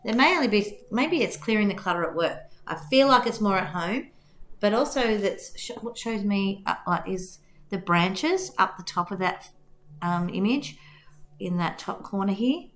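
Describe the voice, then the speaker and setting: Woman tarot reader, reassuring and meandering, a bit hoarse, recorded in an echoey room. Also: mid-range voice, lively intonation, moderate pace, slight background noise. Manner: gentle, reassuring, rambling. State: losing her voice. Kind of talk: tarot reading to camera.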